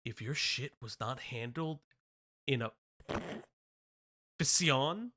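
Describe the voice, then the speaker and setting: A man reading out an angry message in a put-on low, muttering voice as an anonymous male troll. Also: expressive, takes it slowly, sharp tone. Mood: menacing.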